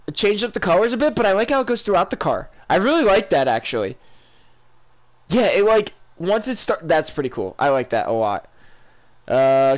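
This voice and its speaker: A young man giving casual, rambling live reactions to video game items, excitable and full of ums. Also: fairly high pitch. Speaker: gaming YouTuber.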